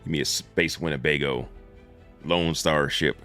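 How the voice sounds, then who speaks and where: A man with a very low voice chats casually on a live stream, loose and slangy and quick to chuckle. Faint music plays softly behind him. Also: fairly even intonation, clear, resonant tone. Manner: laid-back and slangy, chuckles often. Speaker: streamer reacting to game videos.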